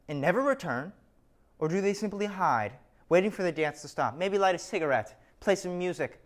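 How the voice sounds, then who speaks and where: A man giving a scripted lecture, telling an illustrative story with wry asides. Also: a little high.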